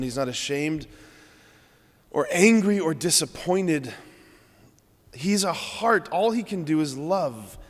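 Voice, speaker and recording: A man's voice: fairly high pitch, in a large hall. A man, a Catholic priest, giving an earnest, conversational homily in a church.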